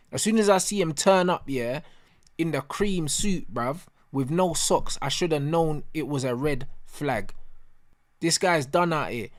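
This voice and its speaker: A man rants through a post-match reaction, his voice sitting high for a man. He speaks in street slang and repeats his complaints again and again for emphasis. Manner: ranting, heavy slang, repeats himself. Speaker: football fan channel host.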